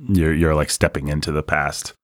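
A man's voice: very deep voice, moderate pace, dry recording, clean studio sound. A man co-hosting a podcast, talking casually and animatedly about a film, now and then slipping into playful voices. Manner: animated storyteller, slips into voices. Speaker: podcast co-host.

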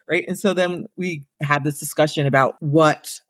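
A woman, an elementary school counselor, telling a story in casual, animated talk with lots of "like" and "you know.". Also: low voice, moderate pace.

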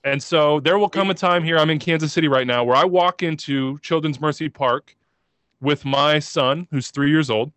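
A man co-hosting a podcast, talking about soccer in a passionate, excitable and emotional way, rambling as he goes. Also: medium pitch, no room sound. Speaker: podcast co-host.

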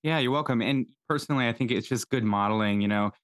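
Enthusiastic male podcast host, smooth voice. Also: medium pitch, fast talker, a bit bright, no room sound, studio quality. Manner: enthusiastic, relatable, complimentary. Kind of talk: casual conversational interview.

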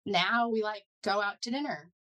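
In this low-quality recording, a middle-aged woman with a mid-range voice speaks at an ordinary pace. She's a neuroscientist who directs a foundation, and as an interview guest she tells her story with lively animation. "Like" and "you know" pepper her speech throughout the conversation.

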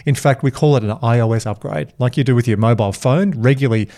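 A man's voice: mid-range voice, mellow. Emphatic man hosting a podcast. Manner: emphatic, quick, coaching tone. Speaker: podcast host. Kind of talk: casual chat.

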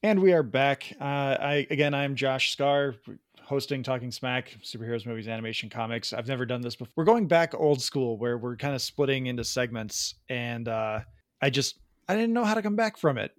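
A man hosting a casual podcast chat, speaking bluntly and with an irreverent edge. His voice sits at an ordinary middle pitch, and it is recorded close and dry with no room sound. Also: animated, moderate pace, no echo. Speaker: podcast host.

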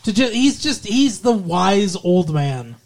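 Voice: mid-range voice, sing-song, takes it slowly, darkish tone. Podcast co-host, casual and rambling, swears a lot, plays out the characters' lines mid-sentence. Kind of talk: casual movie discussion.

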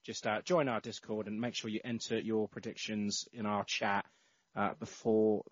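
Male podcast host, breathy tone, dry close sound, slightly dull recording, casual chat. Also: fairly low pitch, little pitch movement, normal speed, no room sound. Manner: reads out listener entries with many fillers.

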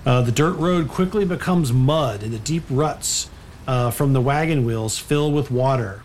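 A man's voice: medium pitch, unhurried, darkish tone, slight background noise. A man narrating a tabletop game as game master, loose and rambling, full of fillers.

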